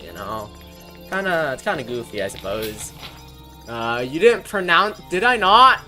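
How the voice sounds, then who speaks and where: A man's voice: on the high side, huge pitch swings, normal speed, sharp tone, faint music behind. A man who is not a native English speaker, streaming a game and rambling profanely in casual commentary.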